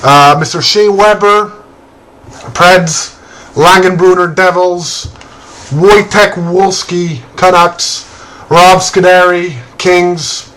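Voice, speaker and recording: Man calling out hockey cards, unhurried. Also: high voice, fairly even intonation, a bit bright, low-quality recording. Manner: calls out player names and teams, laughs often. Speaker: card break host. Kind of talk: casual card-opening commentary.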